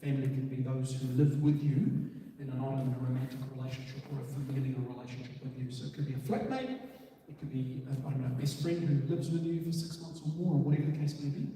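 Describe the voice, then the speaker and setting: A man's voice: mid-range voice, quick pace, dark tone. A man, a police officer giving an earnest, filler-heavy community talk. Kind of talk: community presentation. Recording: echoey hall from far off.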